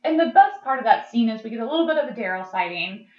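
A woman's voice: a little high, lively intonation, fast talker. Chatty woman podcast co-host, echoey. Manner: chatty, laughs often. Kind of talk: casual chat. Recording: echoey, dull lo-fi sound.

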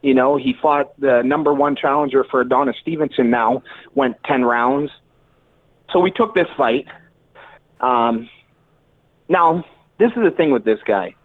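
A man telling a story as a boxer guest in a casual interview, animated and swearing freely. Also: mid-range voice, unhurried, long pauses, dry recording. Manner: animated, swears, acts out quotes. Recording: tinny phone-like line, dry.

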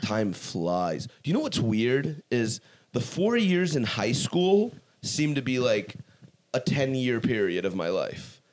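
A young man co-hosts a podcast in relaxed chat. His voice sits mid-range, and he makes easy, joking remarks. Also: mid-range voice, slow pace. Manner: laid-back, joking. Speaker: podcast co-host.

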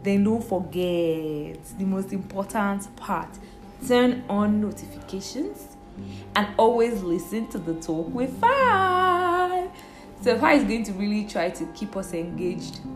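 A woman with a Nigerian accent hosting her own podcast in a casual, playful, chatty way, jumping between loud bursts and quiet asides. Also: fairly low pitch, roomy sound. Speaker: podcast host. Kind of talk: casual solo podcast chat.

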